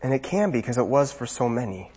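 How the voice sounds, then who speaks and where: A man's voice: mid-range voice, sing-song, a little fast, a little mellow, breathy edge. A man preaching a sermon, asking rhetorical questions and building to emphatic bursts.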